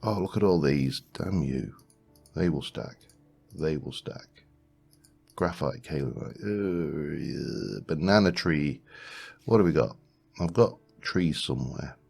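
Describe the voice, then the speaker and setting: A man's voice: very deep voice, slow pace, creaky, a little mellow, husky. A man hosting a let's play, musing aloud in casual gameplay commentary, rambling with frequent restarts.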